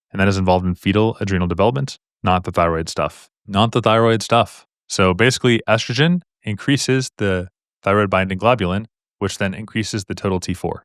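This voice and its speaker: In a live stream, a man with a fairly low voice and a fairly bright tone goes through medical exam questions. His manner is casual and upbeat, repeating points for emphasis and dropping slangy asides. The sound is close and dry, with no echo or room around him.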